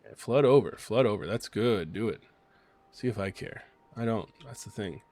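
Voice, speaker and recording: A man casually commentating his gameplay on a stream, chatty and excitable, cursing now and then. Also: on the low side, normal speed. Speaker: game streamer.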